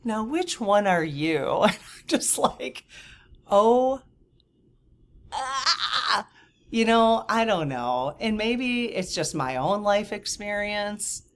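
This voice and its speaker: A woman in her fifties telling a personal story in a casual vlog, animated and exasperated, acting out quoted dialogue. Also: medium pitch, extremely slow, long pauses. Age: 50s. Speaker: channel host.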